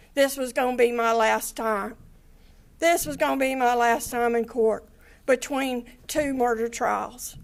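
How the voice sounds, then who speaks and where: An older woman giving an angry, impassioned statement in a courtroom, swearing and with her voice breaking into tears. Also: a little high. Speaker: victim's family member giving an impact statement.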